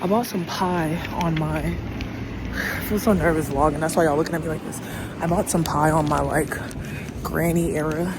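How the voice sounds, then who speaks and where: A woman from the United States vlogs casually on city streets and in shops, chatting straight to the camera with slang and laughter. Her voice is low-pitched, fairly even in intonation, at a moderate pace, recorded on a phone with street noise.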